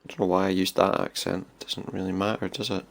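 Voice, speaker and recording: In a low, creaky voice with little pitch movement, a gaming streamer quickly chats through a role-playing game. His casual let's-play commentary has him thinking out loud as he goes.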